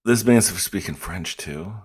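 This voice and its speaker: Super deep voiced guy w/ a rural american accent, rambling casual reaction commentary. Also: expressive, measured pace, very noisy. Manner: laid-back, rambling. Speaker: reaction video host.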